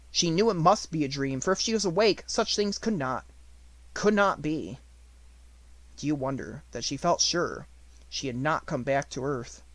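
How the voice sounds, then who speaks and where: A man reading an unabridged novel aloud as an audiobook narrator, with expressive storytelling. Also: fairly high pitch, no room sound.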